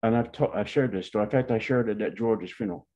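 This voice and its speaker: A man's voice: lowish voice, fast talker, dark tone. A man, telling a meandering, folksy family story from his life and correcting himself as he goes. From Pawnee, Oklahoma. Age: 70s. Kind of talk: personal storytelling. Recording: dull lo-fi recording.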